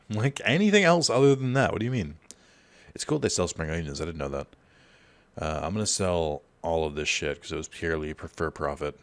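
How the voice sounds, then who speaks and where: Deep-voiced male gamer, casual rambling commentary, heavy fillers. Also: expressive, moderate pace, no echo. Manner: rambling, filler-heavy, storytelling while playing. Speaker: let's play host.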